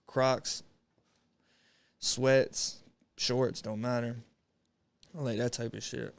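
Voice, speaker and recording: A man's voice: mid-range voice, little pitch movement, slow, creaky, dry recording. A young man chatting casually on a livestream, rambling and slangy with lots of swearing, greeting viewers as he goes. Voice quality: laid-back, rambling, slangy with frequent swearing. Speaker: streamer.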